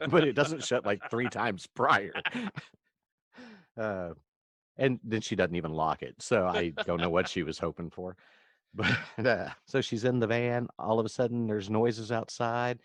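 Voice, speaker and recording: A man's voice: on the low side, a little slow, fairly bright tone, dry recording, clean studio sound. A man co-hosting a casual movie podcast from home, rambling and laughing often as he recaps scenes. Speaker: podcast co-host. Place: his own room, recording remotely.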